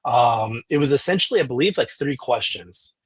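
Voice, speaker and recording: A man's voice: mid-range voice, expressive, moderate pace, husky. A man, a journalist guest on a podcast, telling a story in detail with frequent restarts and quoted back-and-forth dialogue.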